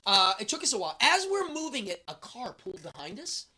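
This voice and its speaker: A man's voice: very high-pitched, wildly swooping pitch, brisk, bright, forceful tone, husky. A man hosting a show, telling a travel story in a casual, rambling way with many fillers.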